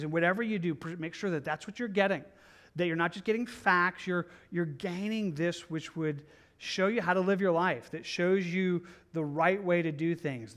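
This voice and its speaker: Earnest man teaching scripture. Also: a little high. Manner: earnest, repetitive, conversational with many restarts. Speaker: pastor. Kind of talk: verse-by-verse Bible teaching.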